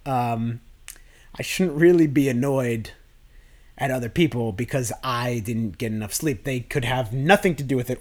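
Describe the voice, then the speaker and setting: A man hosting a self-improvement podcast, talking through his thoughts in a loose, rambling way with many restarts. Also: on the high side. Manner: rambling, with frequent restarts and fillers. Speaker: podcast host.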